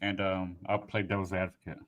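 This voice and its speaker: A man's voice: deep voice, flat delivery, fairly quick, a bit bright. A man in casual podcast banter who jokes and mocks his own attempts.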